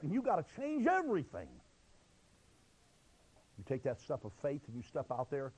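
A male preacher with a high-pitched voice that swoops widely up and down as he delivers a sermon. He exhorts the listeners emphatically, dropping low and rising loud for emphasis. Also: big pitch swings, brisk, low-quality recording.

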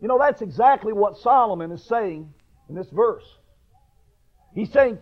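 High-voiced preacher man on tinny radio. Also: animated, unhurried, long pauses. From northern New York. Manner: homespun, anecdotal, builds to raised emphasis. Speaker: pastor. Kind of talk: sermon with folksy storytelling. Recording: tinny phone-like radio recording.

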